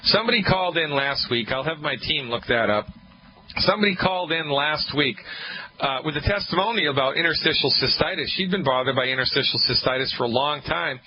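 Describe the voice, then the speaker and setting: A man's voice: a little high, expressive, fairly quick. A male radio show host giving call-in advice in an upbeat, salesy way, repeating his key points. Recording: muffled radio broadcast with faint noise.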